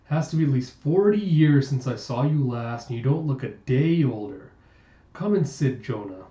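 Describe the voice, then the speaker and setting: A sinister old doctor, calm and cruel, savoring every slow word, as a man reads him aloud from a comic. His sentences sink low and soft at the ends, heard from a distance in a roomy space with a dull, lo-fi tone. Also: natural voice. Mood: menacing. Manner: slow, drawn-out menace, name-endings dropped low and soft.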